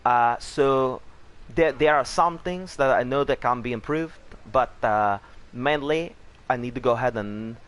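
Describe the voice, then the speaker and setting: A man putting on a halting French accent while commenting on a video game. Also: medium pitch, fairly bright tone, natural voice. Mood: earnest.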